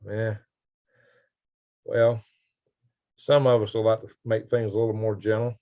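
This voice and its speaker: A man's voice: lowish voice, level tone, a little slow. A man hosting a casual live stream, reading viewer comments aloud with a folksy, chuckling manner. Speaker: livestream host reading chat. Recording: dull lo-fi stream audio.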